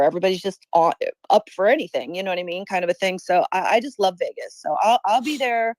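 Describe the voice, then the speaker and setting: A woman's voice: medium pitch, a little mellow, no echo. A woman speaking as a guest on a casual podcast, chatty and enthusiastic, leaning on fillers like "you know what I mean".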